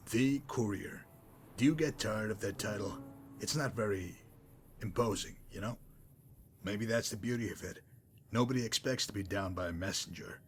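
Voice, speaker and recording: A man voicing a smug, sardonic male messenger-mercenary in a game, dry and mocking in manner, wordy and unhurried. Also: fairly low pitch, a little hiss or hum, lightly acted. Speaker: game character. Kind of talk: voiced game dialogue.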